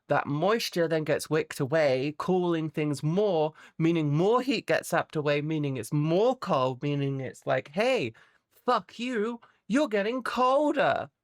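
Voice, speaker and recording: A woman streamer chatting casually with her viewers from home, rambling, animated and sweary. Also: sits low, dry recording, clean studio sound. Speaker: VTuber streamer. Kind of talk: casual chat with live chat viewers.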